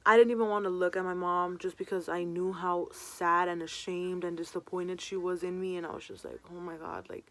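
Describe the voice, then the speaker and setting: A woman's voice: on the low side, flat delivery, brisk, few pauses, no echo. A young woman vlogger telling a personal story in a casual storytime, full of "um" and "like". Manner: chatty, many fillers like "um" and "like".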